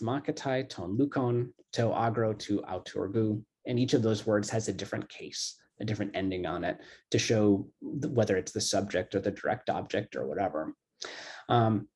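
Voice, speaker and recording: A man's voice: lowish voice, a little mellow, breathy edge. A middle-aged man, a classics professor, explaining grammar casually in an online lecture, loose and chatty with lots of "um" and "kind of".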